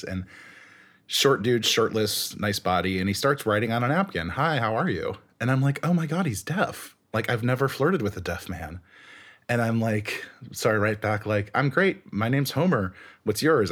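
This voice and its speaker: A man guest in a casual interview, telling stories animatedly, laughing and acting out what people said. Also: fairly low pitch. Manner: animated, laughing, acts out quotes.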